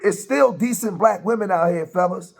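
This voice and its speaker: A man's voice: high voice, moderate pace, creaky. A man runs a casual reaction commentary. He is chatty and loose, with lots of fillers and repeats. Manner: chatty, many fillers and repeats, laughs often. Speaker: commentary host reacting to clips.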